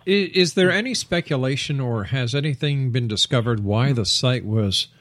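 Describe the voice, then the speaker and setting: A man's voice: medium pitch, normal speed, fairly bright tone, no room sound. A man hosting a radio interview, asking short, polite questions. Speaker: radio host.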